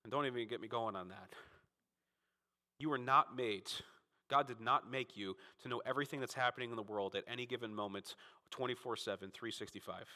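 A man from Florida preaching a Sunday sermon as pastor, emphatic and fervent, swinging between loud peaks and quiet asides. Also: brisk, in a large hall. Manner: emphatic, rising to fervent peaks then dropping low.

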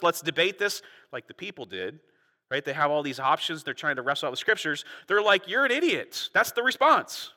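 Brief: male pastor, earnest conversational sermon, bright voice, echoing church hall. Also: high-pitched. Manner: earnest, conversational, frequent restarts and repetitions.

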